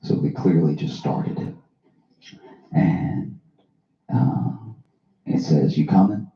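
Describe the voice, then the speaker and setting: A man hosting a casual talk, telling a funny story in a dry, deadpan way. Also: a bass voice, drawn-out words, creaky. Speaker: host. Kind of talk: comic storytelling. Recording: roomy, slightly dull recording.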